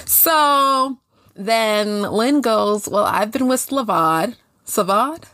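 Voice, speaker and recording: A woman co-hosting a casual chat show, recapping a TV episode in a blunt, profane, lively way. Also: a little high, very slow, dry recording. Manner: blunt, profane, animated storytelling. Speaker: podcast co-host.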